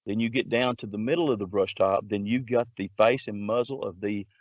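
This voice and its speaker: Man, lowish voice, rambling storyteller, dull dry lo-fi sound. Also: a little fast, no room sound. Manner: rambling, many restarts and filler words. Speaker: Bigfoot researcher guest. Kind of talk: casual storytelling.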